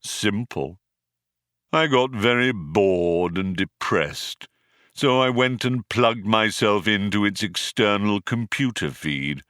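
A man voicing a gloomy, depressed male robot in an audiobook, with a muffled, mournful drone and slow, dejected delivery. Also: on the low side, lively intonation, a bit bright, dry recording, studio quality. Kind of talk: audiobook character voice.

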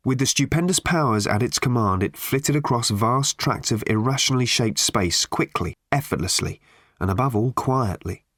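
A man narrating an audiobook with dry, expressive storytelling. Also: mid-range voice, moderate pace, no echo. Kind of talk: scripted narration.

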